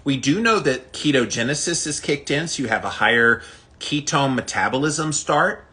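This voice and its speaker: A man's voice: mid-range voice, animated, moderate pace, pushed and bright, poor audio. Chatty man talking from an ice bath. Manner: chatty and upbeat, with rhetorical questions. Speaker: health vlogger. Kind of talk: casual talk to camera while sitting in an ice bath.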